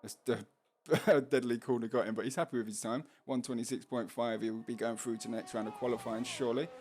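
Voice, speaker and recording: A man's voice: medium pitch, steady tone, fast, a little mellow, slight background noise. A man with a Cockney accent giving casual, jokey live race commentary, laughing often.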